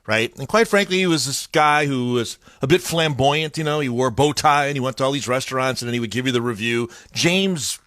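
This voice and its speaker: A man from Chicago hosting a morning radio show, chatting casually in an animated, storytelling way at a studio mic. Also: medium pitch, brisk, few pauses, no room sound. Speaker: radio host. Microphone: studio microphone.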